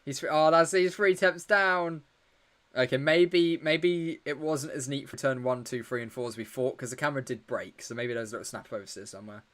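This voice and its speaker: Tired, joking stream host. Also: male voice, mid-range voice, fairly quick, fairly bright tone. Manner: chatty, joking, reacting live and answering viewer questions. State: tired, yawning. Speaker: livestream host. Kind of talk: casual live watch-along commentary.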